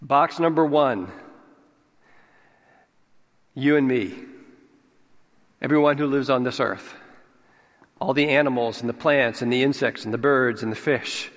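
Slow, deliberate preacher man in a reverberant hall. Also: medium pitch. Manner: slow, deliberate, stresses key words. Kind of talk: sermon.

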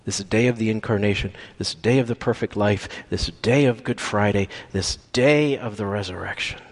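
A man's voice: lowish voice, normal speed. A man preaching a sermon, building emphasis through repeated phrases, then dropping to near-whispers on key words. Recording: long reverb from a large hall.

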